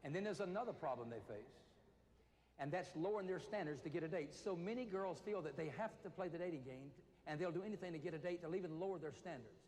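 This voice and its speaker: A man's voice: on the high side, expressive, quick pace, a little mellow. Man speaking in a reverberant hall. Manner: storytelling, acts out voices of inmates. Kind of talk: motivational talk to teenagers. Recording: reverberant hall with faint noise.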